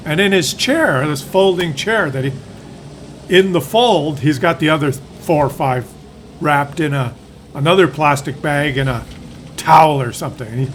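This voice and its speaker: A man with a fairly high voice rambles through stories as he plays a tank game, drifting off mid-sentence and circling back. His talk is loose and unscripted, with a faint hiss of noise in the background. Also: normal speed. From Ontario, Canada. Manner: meandering storyteller, drifts off and loses his thread. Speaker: gaming channel host. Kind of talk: rambling chat while playing a tank game.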